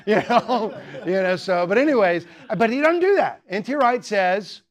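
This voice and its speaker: A man's voice: sits high, expressive, normal speed, few pauses. A man giving a humorous teaching talk at a student apologetics club, rambling with many jokes and asides.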